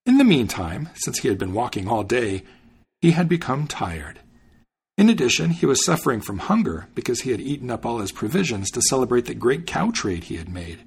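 A man narrating a fairy tale in an expressive storybook style, then hosting his podcast. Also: mid-range voice, fairly quick, vocal fry, husky.

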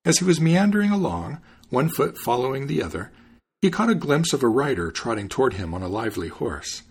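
A man hosting a podcast, reading a fairy tale aloud in an expressive storytelling manner. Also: mid-range voice, brisk, husky. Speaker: podcast host and reader.

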